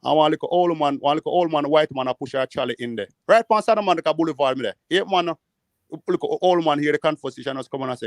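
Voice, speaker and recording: A Jamaican man telling rambling, animated stories in patois during a casual panel chat. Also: a little high, quick pace, no room sound, clean studio sound. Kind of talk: casual storytelling. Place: living in the United States.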